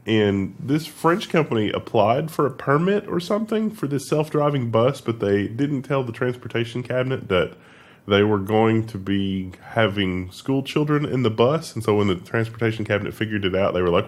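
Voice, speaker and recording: Wry low-voiced male news co-host. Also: lively intonation, normal speed. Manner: wry, laughs often, lots of "I mean". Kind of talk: casual news discussion.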